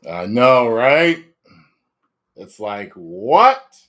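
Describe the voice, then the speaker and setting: A man's voice: mid-range voice, sing-song, fairly bright tone. A man in his forties hosting a casual livestream, chatting playfully with his viewers. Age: 40s. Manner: slow, playful, talks to chat. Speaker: livestream host.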